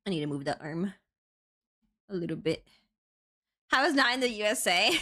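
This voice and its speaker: A woman's voice: medium pitch, sing-song, normal speed, bright, forceful tone. A young woman from Spain with an American accent, chatting casually and giggling often while she draws on stream. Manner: giggly, laughs often between phrases. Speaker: art streamer. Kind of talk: casual chat while drawing.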